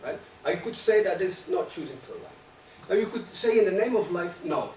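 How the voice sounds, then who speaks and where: A man's voice: sits high, a little mellow. A man in the audience posing provocative questions in an academic discussion, often tagging his points with "right?". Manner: provocative, rhetorical, tags statements with "right?". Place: lecture hall. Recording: echoey room, distant mic, faint noise.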